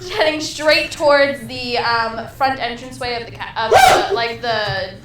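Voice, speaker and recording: Woman game master, casual halting narration; high pitch, noisy lo-fi recording. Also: recorded from a distance. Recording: echoey room, loud background noise.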